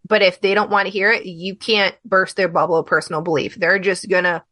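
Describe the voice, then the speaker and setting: A woman's voice: on the low side, little pitch movement, fairly quick, bright, forceful tone, no echo. A woman hosting a podcast who tells stories bluntly and without a filter, in a casual conversation. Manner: blunt, unfiltered storyteller. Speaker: podcast host.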